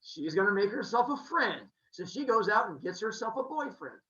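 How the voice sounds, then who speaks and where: A man casually retelling Greek myths in a jokey, animated way, pointing out posters in an indoor room. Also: high-pitched, moderate pace. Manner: animated, jokey, uses 'like' for quotes. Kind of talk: casual comic myth retelling. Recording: echoey dull room sound.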